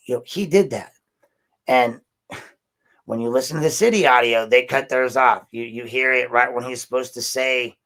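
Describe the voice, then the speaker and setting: Podcast host, male, middle pitch, emphatic rambling commentary. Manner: animated, emphatic, with rambling restarts. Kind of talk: casual commentary monologue.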